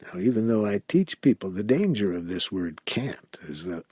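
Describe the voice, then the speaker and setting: A man teaching a workshop, telling a personal story in an unhurried, reflective way and acting out the dialogue. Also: low voice, very animated, a little mellow, slightly rough, no echo, studio quality. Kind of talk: anecdotal storytelling talk.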